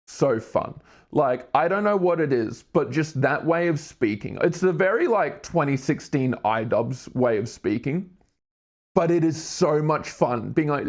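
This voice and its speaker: A young man with a slightly high, very lively voice chats casually with viewers while working on a puzzle. He swears constantly, laughs a lot, and keeps slipping into silly voices. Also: measured pace. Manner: profane, goofy, laughs often. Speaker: livestreamer. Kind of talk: casual livestream chat while doing a puzzle.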